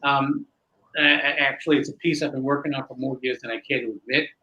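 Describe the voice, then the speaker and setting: A man, a magician guest, telling a long animated story with many restarts in a candid interview. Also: mid-range voice, quick pace, highs cut off.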